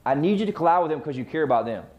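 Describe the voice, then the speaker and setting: A man's voice: on the high side, animated, rapid-fire, highs cut off. A man coaching real estate agents on client communication, emphatic and full of rhetorical questions he answers himself. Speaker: sales trainer.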